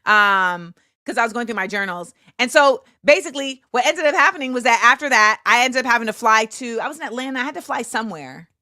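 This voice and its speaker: A woman, hosting a show and telling a story in a casual, animated way. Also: a little high, fast, no echo, studio quality. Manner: animated, acts out quoted voices, laughs often. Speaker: show host.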